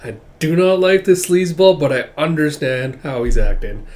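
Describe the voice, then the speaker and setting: A man casually reading through a manga chapter, chatty and animated in his reactions. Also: fairly high pitch, normal speed. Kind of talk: casual manga read-along commentary.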